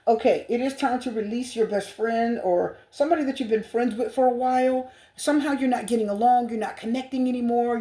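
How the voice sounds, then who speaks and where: Lady doing a tarot reading, gushy and spiritual, kinda high voice, repeats herself a lot. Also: warm tone. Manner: gushing, spiritual, repetitive. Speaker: tarot reader.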